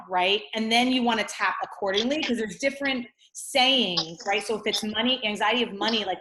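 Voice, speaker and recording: A woman guest with a medium-pitched, slightly bright voice is heard on a video call with roomy audio. Explaining something in a chatty, casual way, she keeps adding "like" and "right?" to her sentences.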